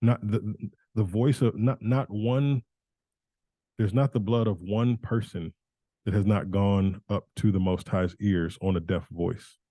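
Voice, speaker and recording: A man's voice: lowish voice, steady tone, measured pace, dark tone, no room sound. A man giving an informal Bible teaching in a conversational way, often restarting and correcting himself.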